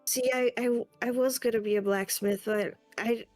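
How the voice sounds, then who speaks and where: A woman's voice: on the high side, fairly even intonation, moderate pace, a little mellow, no echo, faint music behind. Eager stammering woman player. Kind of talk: in-character tabletop role-play.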